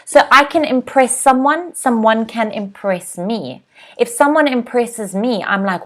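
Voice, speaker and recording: A woman in her thirties teaching an English lesson, repeating words slowly and clearly for pronunciation practice. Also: a little high, lively intonation.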